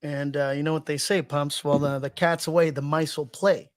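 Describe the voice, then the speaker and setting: A man's voice: on the high side, little pitch movement, moderate pace. A man co-hosting a podcast in casual chat, loose and joking, often restarting his sentences. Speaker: podcast co-host.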